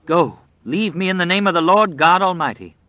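A very old, devout woman prays in a high, quavering voice, as a male narrator acts her out. She sounds fearful but defiant, and the recording is dry and a little dull. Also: animated, normal speed, no echo. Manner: quavering, pleading prayer.

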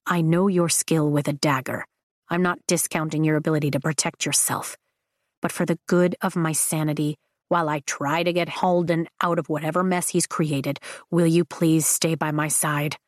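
A woman reading the lines of a young male warrior, speaking in a low, dry, earnest way. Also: steady tone, normal speed, no room sound, lightly acted.

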